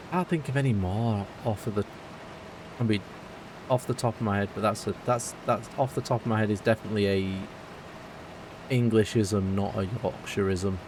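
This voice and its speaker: A man's voice: fairly low pitch, noisy background. Chatty British man streaming a game. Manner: rambling and chatty, answering viewers. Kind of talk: casual live-stream chat while playing.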